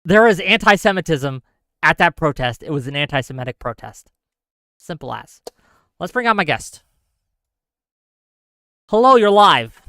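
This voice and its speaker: A man's voice: on the high side, very animated, normal speed, long pauses, pushed and bright, dry recording, studio quality. A man hosting a live call-in show, heated and argumentative, ranting at length.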